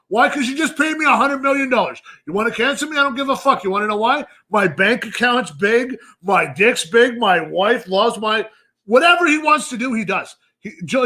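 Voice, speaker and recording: A man in his thirties co-hosting a podcast, ranting loudly with constant swearing and mock outrage. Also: very high voice, animated, moderate pace. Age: 30s. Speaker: podcast co-host. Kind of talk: profane comedic rant.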